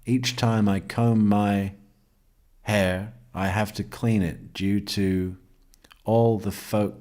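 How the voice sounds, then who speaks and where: Male true crime commentator, slow and deliberate, low voice, sardonic with lots of laughter. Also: flat delivery, a little mellow. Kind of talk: reading testimony aloud with commentary.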